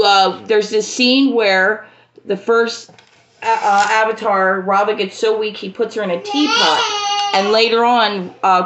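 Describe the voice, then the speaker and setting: Halting woman sharing a fan theory. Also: medium pitch, dull audio, background noise. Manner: halting, many fillers and restarts. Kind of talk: casual spoken fan theory.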